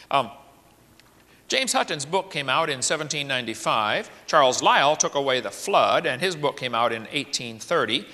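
A man preaches with a bright, forceful tone and a voice that swings up and down, folksy and fond of asking the crowd questions. His words ring out under the long echo of a large hall. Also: on the high side, lively intonation, normal speed. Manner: folksy, joking, full of rhetorical questions. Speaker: creationist speaker. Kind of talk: evening sermon-style lecture.

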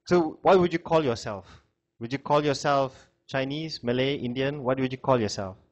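A man's voice: mid-range voice, moderate pace. A man giving a classroom lecture, chatting with students, asking questions and laughing often.

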